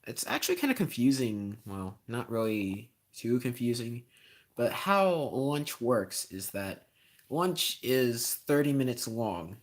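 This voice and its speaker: A teenage boy chatting casually on a livestream, rambling with lots of ums and a sarcastic edge, getting louder when he rants. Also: medium pitch, very animated, slow pace. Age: teens. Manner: gets loud and heated when ranting. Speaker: streamer.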